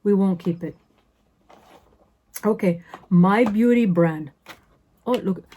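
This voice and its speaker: A woman's voice: mid-range voice, takes it slowly, warm tone. A woman in her fifties chatting casually as a beauty vlogger through an unboxing, sassy and full of self-interrupting asides. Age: 50s.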